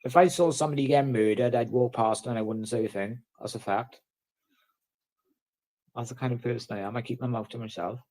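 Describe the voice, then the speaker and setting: A man's voice: mid-range voice, a little mellow. A man from the in a casual vlog, ranting bluntly and swearing heavily. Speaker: vlogger.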